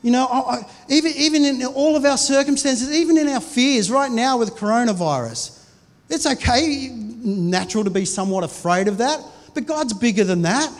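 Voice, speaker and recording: A man's voice: very high-pitched, animated, moderate pace. A man in his forties, a pastor preaching a sermon in a conversational, storytelling way with frequent restarts. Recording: reverberant hall.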